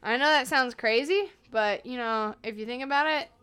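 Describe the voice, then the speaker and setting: A young woman hosting a podcast, telling stories from her life in a loose, animated way, swearing freely and laughing along. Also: on the high side, moderate pace, clear, resonant tone. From United States. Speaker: podcast host. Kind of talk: casual storytelling monologue.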